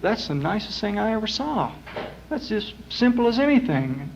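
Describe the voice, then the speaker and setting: Scena: un uomo che interpreta un tizio stupito e acuto in una barzelletta, su un nastro dal vivo anni '60, ovattato. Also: male voice, high-pitched, normal speed, a little mellow, slight background noise, voice pushed up. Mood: amazed. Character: impressed man marveling at gorilla catchers. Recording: muffled 1960s live club tape.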